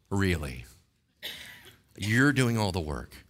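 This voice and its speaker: A man's voice: lively intonation, moderate pace. A man preaching a sermon in a casual, conversational way, asking the congregation questions and acting out voices from the text. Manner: rises to loud, high-pitched exhortation.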